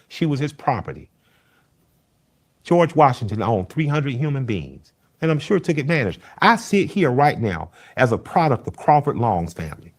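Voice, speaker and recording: A man making an earnest, pointed argument in an interview. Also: medium pitch.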